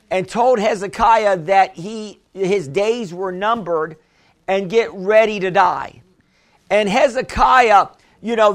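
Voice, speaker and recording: A male pastor preaching a sermon, calling on the congregation for amens and repeating phrases for emphasis. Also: high voice. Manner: preaching with call-and-response, asking for amens.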